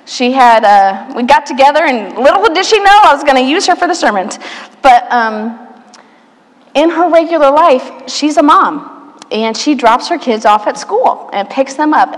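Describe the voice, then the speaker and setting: A woman's voice: fairly high pitch, animated, moderate pace. Woman preaching a sermon in a reverberant church. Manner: warm storytelling, playful asides, soft hushed moments.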